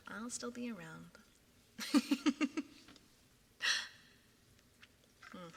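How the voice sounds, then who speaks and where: A young woman chatting casually with her stream viewers, often dropping into a soft whisper, recorded on a binaural ASMR microphone. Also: sits low, creaky, long reverb tail, a little hiss or hum.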